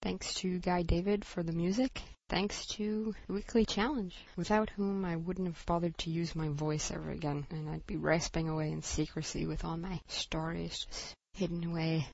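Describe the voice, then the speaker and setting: A woman's voice: lowish voice, vocal fry, a little mellow, breathy edge, no echo, dull audio. A woman sending a casual, cheerful greeting message to a podcast. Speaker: guest contributor.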